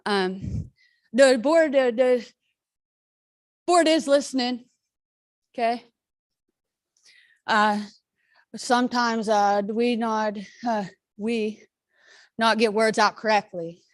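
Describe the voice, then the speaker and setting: A woman speaking as a parent at a school board meeting's public comment, halting with many fillers and restarts and sounding frustrated. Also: on the high side, dry recording.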